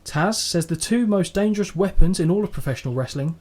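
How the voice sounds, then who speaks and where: Swearing and cracking jokes, this animated man co-hosts a casual podcast where he reviews an old show. His voice is high and runs a little fast.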